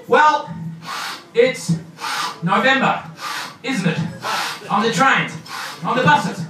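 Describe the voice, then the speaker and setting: A man's voice: extremely high pitch, unhurried, long pauses. An Australian man doing a loose, joking stand-up comedy set on a club stage. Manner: loose, joking, mixes in Japanese. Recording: echoey room from far off, noisy.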